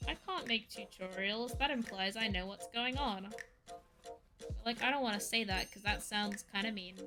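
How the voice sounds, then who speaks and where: Streaming from home, a woman of medium pitch talks at normal speed in a rambling, ranty casual chat full of "like". She speaks over music.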